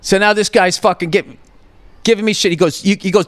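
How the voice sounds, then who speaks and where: A man's voice: steady tone, brisk, dry recording. Profane storytelling man, close dry mic. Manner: profane, exasperated, acts out both sides of the argument with sharp jumps in pitch. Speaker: podcast host. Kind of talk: comedic storytelling rant.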